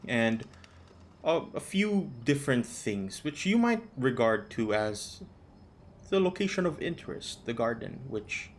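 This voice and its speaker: A man running a tabletop game as game master, describing scenes in a relaxed, unhurried way with many ums over an online call. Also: mid-range voice, a little hiss or hum.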